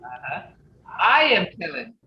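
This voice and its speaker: A slow-speaking language teacher heard over a video call, with lively, swinging pitch as they repeat example phrases patiently. The audio is echoey and dull. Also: slight background noise. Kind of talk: online language class.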